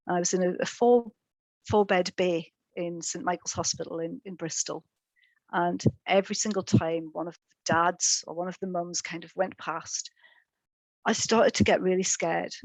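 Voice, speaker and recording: A middle-aged woman giving a personal testimony in a webinar, speaking in a halting way with frequent ums and repeated words. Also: lowish voice, dry recording, low-quality recording. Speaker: speaker sharing lived experience in a webinar.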